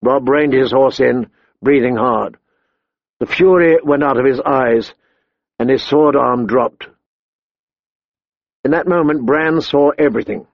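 A man narrating a fantasy audiobook in a measured, deliberate storytelling manner. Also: medium pitch, gravelly, dry recording. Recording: slightly dull, dry recording.

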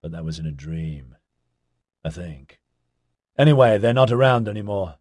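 A man voicing a laid-back, chatty young man who talks in hippie slang with an excitable drawl. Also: lowish voice, normal speed, dry recording, clean studio sound. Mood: rambling.

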